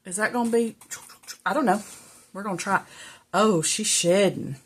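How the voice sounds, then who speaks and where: A woman's voice: medium pitch, moderate pace, background noise. A middle-aged woman, out of breath and rambling as she chats to viewers while crafting at home. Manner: rambling and chatty, self-talk while working. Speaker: crafting vlogger. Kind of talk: casual chat while crafting. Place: home craft room, indoors.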